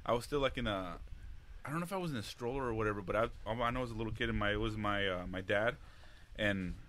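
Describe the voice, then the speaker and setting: A man's voice: fairly low pitch, fast talker, fairly bright tone. A man, a father, telling a profane story in casual podcast chat, laughing often as he goes. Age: adult, a father.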